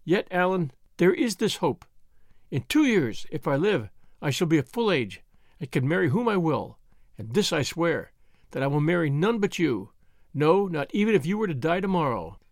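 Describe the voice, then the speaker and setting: A man's voice: fairly high pitch, big pitch swings, moderate pace, dry recording. Young woman pledging loyalty, earnest and solemn, read by a man, dry booth sound. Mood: tender. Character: devoted young woman, tender and resolute.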